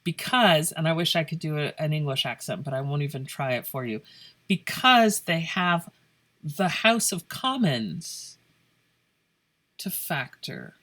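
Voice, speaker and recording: A woman's voice: sits low, animated, unhurried, a bit bright. Playful woman teaching math. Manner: playful, jokey, thinking aloud. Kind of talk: casual classroom lesson. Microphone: phone camera over paper.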